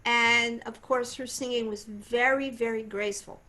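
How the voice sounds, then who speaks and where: An older woman voice teacher explaining singing technique in a conversational, animated way. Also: a little high, moderate pace. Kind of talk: voice lesson demonstration and explanation.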